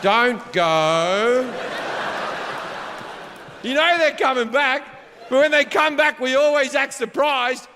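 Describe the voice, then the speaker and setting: A man with an Australian accent doing stand-up, telling a crude story and jumping into shouted punchlines. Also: high-pitched, moderate pace, noisy background. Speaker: stand-up comedian. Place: large concert venue on stage. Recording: live hall reverb with faint crowd ambience.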